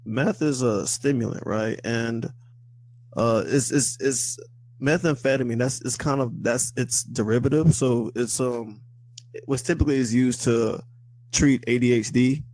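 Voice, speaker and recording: A man's voice: medium pitch, unhurried, darkish tone. A young man co-hosting a podcast, talking in a laid-back, hesitant, slangy way in casual chat. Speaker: podcast co-host.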